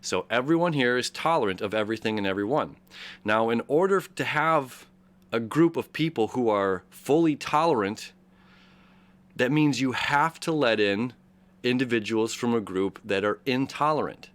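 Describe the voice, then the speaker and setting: A man's voice: medium pitch, expressive, moderate pace. A man hosting a daily astrology show, talking through the chart in a rambling, casual way, full of fillers and restarts. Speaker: astrology host. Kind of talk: casual explanatory monologue.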